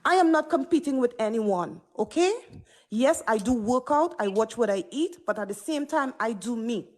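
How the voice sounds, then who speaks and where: A woman's voice: fairly high pitch, lively intonation, normal speed, a little mellow. A woman speaking on a livestream panel, emphatic and preachy, who keeps repeating "stop it" and "okay?". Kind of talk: impassioned livestream panel talk.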